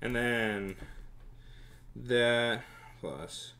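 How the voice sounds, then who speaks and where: A man's voice: on the low side, expressive, slow, fairly bright tone. A man running a tabletop game as game master, narrating combat vividly and explaining rules.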